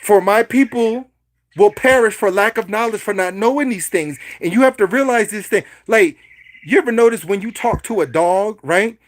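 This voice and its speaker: This man's voice is high-pitched and his pace moderate. Hosting a casual livestream, he preaches and repeats himself while speaking straight to his viewers.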